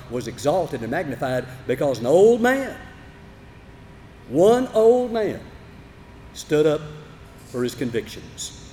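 A man preaching in a large hall, his high voice leaping and dropping as he retells the story. He booms out the big moments and sinks into hushed asides, and the words trail into a long reverb over faint background hiss. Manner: dramatic Bible storytelling, swinging between loud emphasis and low asides. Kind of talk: sermon.

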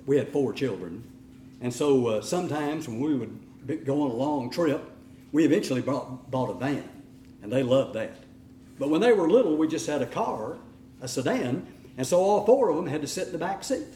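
Animated preacher man in echoey hall. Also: fairly high pitch. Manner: animated, acts out whining voices. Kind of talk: sermon.

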